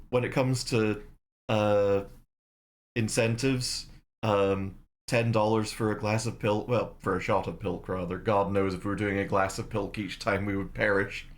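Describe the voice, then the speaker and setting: A man co-hosting a casual live stream, rambling with many fillers and frequent laughs. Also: lowish voice. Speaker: streamer co-host. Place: home room.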